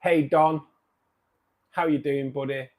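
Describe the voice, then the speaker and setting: A man hosting a casual live stream, greeting viewers by name and chatting loosely, his sentences often trailing off softer at the end. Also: fairly high pitch, steady tone, takes it slowly. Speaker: livestream host. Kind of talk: casual live chat reading viewer comments.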